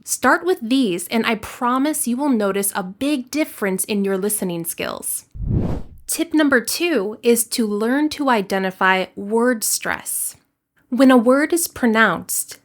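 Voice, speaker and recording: A woman teaching an English lesson in a clear, deliberate scripted narration, slowing down to model example words. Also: on the high side.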